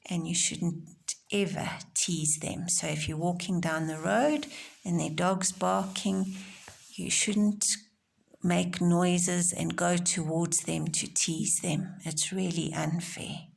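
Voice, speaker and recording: A woman teacher giving a recorded home-learning lesson to young children, explaining gently and simply. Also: on the low side, flat delivery, slow pace, gravelly. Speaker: primary school teacher.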